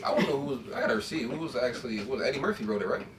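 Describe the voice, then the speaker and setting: A man's voice: mid-range voice, very fast, echoey room, over a noisy crowd. A man hosting a podcast in easygoing casual chat, moving the conversation along. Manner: easygoing, moves the talk along. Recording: distant mic with clear background noise.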